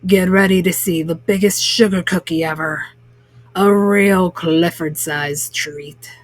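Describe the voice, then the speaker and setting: A woman voicing a proud adult male baker in a deep, gruff put-on voice for a children's storybook. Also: steady tone, unhurried.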